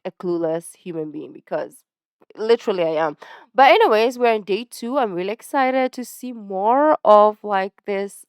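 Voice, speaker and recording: A woman chats casually to her audience while reacting to a video. She rambles, tosses in "like" and "right?", and stops now and then to find her words. Her voice is smooth and clear, recorded close in a dry room. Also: medium pitch, dry recording. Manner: chatty and rambling, full of "like" and "right?"; lively, searches for words mid-sentence. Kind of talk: casual chat to viewers.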